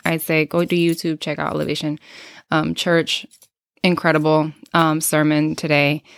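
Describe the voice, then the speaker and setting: A woman's voice: on the low side, clean tone, no room sound, clean studio sound. A woman in her thirties hosting an unscripted podcast, talking reflectively and candidly, thinking aloud with many fillers and restarts, a little out of breath. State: slightly out of breath. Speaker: podcast host.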